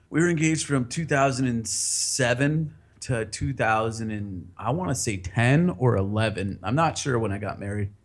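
A man casually telling a long personal story on a podcast, rambling, laughing often and swearing freely. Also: fairly low pitch.

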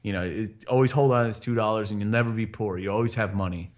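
A man voicing his sentimental father giving earnest advice, in a slightly lower, softer voice. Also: quick pace, natural voice.

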